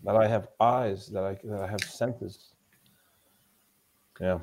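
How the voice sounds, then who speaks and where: A man's voice: on the low side, steady tone, slow pace, a little mellow, slight background noise. A man speaking as a guest in a conversational podcast interview. He talks as a mental toughness coach, telling stories with emphasis and often repeating himself.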